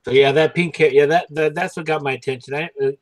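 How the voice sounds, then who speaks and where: A man's voice: a little high, steady tone, fast talker, no room sound. A man talking casually in a hesitant way, looping back over his words. The recording is dry and close. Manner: hesitant, repeats himself. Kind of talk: casual chat.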